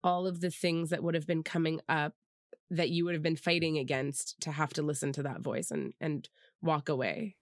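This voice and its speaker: Woman podcast host, low pitch, empathetic interviewer, dry recording. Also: normal speed, no echo. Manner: empathetic questioning.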